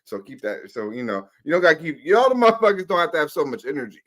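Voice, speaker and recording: A man's voice: medium pitch, expressive, brisk, a bit bright. A man co-hosting a live sports betting talk show, rambling and swearing through loose banter. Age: older. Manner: profane, laughing, rambling banter.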